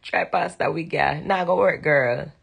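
A young Jamaican woman, a dancehall singer, chats casually with fans on a late-night live stream from her bedroom, thanking them. Her voice is low, gravelly and slightly rough, and she speaks at a measured pace. She's emphatic and repetitive, drifting into patois.

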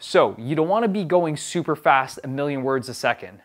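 A man's voice: fairly high pitch, animated, fairly quick. A young adult man hosting a video about on-camera speaking, giving tips in an upbeat, emphatic coaching tone. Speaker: video production host.

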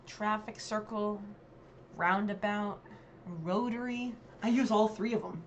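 A woman vlogger talks her way through a quiz in a loose, chatty manner, often pausing on "um" and correcting herself mid-sentence. Her voice sits at an ordinary middle pitch, with a faint hum of background noise. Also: fairly even intonation. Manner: chatty and hesitant, with many ums and self-corrections. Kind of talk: casual commentary on a dialect quiz.

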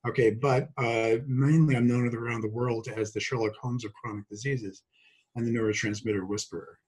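A man's voice: medium pitch, steady tone, moderate pace, darkish tone, slightly rough, poor audio. A man in his sixties from Brooklyn, a guest doctor talking about his practice in a chatty, joking way with many fillers. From Brooklyn, New York. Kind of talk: casual talk.

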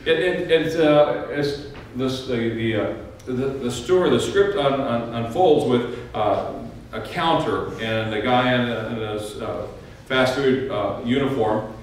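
A man preaches a sermon in a church, telling his story with dry, wry humor and a few halting restarts. His voice sits in a middle range. The sound is very echoey and comes from a distant mic, with a faint hum of room ambience behind it. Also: medium pitch. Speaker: pastor. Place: church sanctuary.

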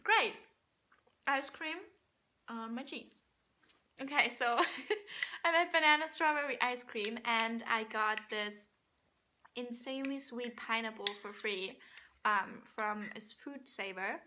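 A woman's voice: fairly high pitch, a little slow, bright, forceful tone, a little hiss or hum. A young woman chatting casually in a vlog, giggling often and talking while she eats, tired from a sleepless night. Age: young adult. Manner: giggly, chatty, laughs often between sentences; talks while eating. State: underslept and tired. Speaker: vlogger.

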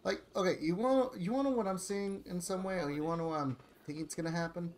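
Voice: mid-range voice, fast talker, a little mellow, a little hiss or hum. A young adult gamer ranting angrily and swearing constantly during gameplay commentary, with sighs. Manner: frustrated, sighs and laughs. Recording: faint game music behind.

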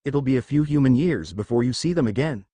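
Man voicing Death, calm solemn Reaper. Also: mid-range voice, fast, no room sound, close to an everyday voice. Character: Death, the Reaper, stern male spirit.

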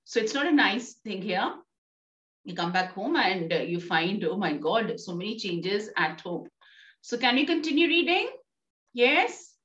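A woman's voice: high voice, fairly bright tone, lo-fi sound. A woman with an Indian English accent, teaching an online English class, reading a play aloud and questioning her students. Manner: explains and questions students, reads lines aloud. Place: classroom or home, online lesson. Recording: echoey room, voice far from mic.

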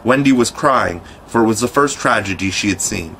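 A man narrating an audiobook with a fairly low voice. His reading is measured and steady, in a classic storybook manner. A faint hiss sits behind him. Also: vocal fry. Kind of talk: scripted narration.

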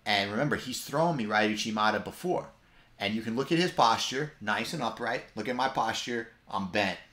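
Low-voiced guy reacting to his own match footage, kinda echoey, talks in quick bits. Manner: animated, talks in quick fragments. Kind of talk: live-stream commentary on match footage. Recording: roomy echo.

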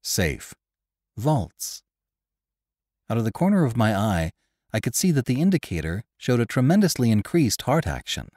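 A man narrating a classic story for a podcast in a measured, expressive storytelling manner. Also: medium pitch, no echo, clean studio sound.

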